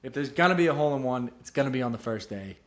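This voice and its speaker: A man's voice: mid-range voice, expressive, racing. A young man hosting his own golf betting show, rambling casually and joking at his own expense. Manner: rambling and self-deprecating, jumps between serious and goofy. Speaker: podcast host giving golf betting picks. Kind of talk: casual solo commentary.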